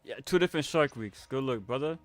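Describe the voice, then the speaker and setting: A man's voice: medium pitch, brisk. A man co-hosting a live horror movie review, talking casually and rambling with many restarts. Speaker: co-host of a horror review show.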